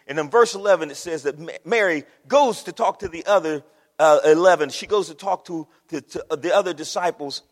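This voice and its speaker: A man preaching a sermon with passion, moving from a soft hush to near shouting. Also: fairly high pitch, fairly quick. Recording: long hall reverb.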